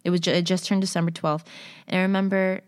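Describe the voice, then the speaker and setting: A woman's voice: on the low side, flat delivery, fast talker, clean tone, no echo, clean studio sound. A young woman telling personal stories and reading others aloud in a casual, conversational way, with frequent fillers. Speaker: storyteller.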